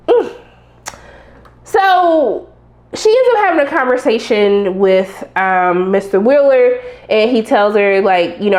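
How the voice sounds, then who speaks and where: A young woman with a high, bright-sounding voice recaps a TV episode in a loose, animated way. She is sassy and talks back to the characters as she goes. The room behind her voice is echoey. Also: moderate pace. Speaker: TV recap reviewer.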